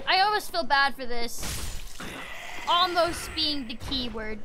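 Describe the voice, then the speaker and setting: A young woman live-streaming a video game, talking to chat with exasperated grumbling, loud outbursts and playful menace. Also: high-pitched, lively intonation, a little slow, very noisy.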